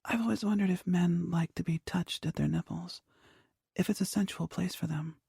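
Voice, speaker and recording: A man voicing a shy, curious, nervous young woman in whispered role-play, speaking in a soft breathy whisper. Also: high voice, fairly even intonation, moderate pace, no echo, studio quality, pitched above the performer's own voice, heavily acted. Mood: hushed whisper.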